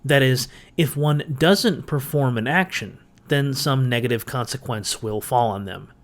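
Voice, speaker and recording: A man of middle pitch narrates a scripted lecture on ancient grammar. He explains each point methodically, with a dry, wry humor now and then. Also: a little slow. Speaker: biblical studies channel host.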